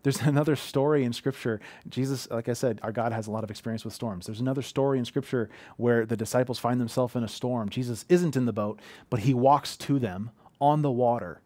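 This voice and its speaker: A man's voice: medium pitch, a little fast, few pauses, a little mellow, dry recording. A man in his thirties giving an earnest, conversational sermon from a living room, telling heartfelt personal stories. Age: 30s. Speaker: pastor.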